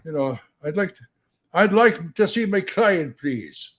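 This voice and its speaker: A man doing a squeaky timid mob lawyer. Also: expressive, unhurried, a bit bright. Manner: hesitant, stammering.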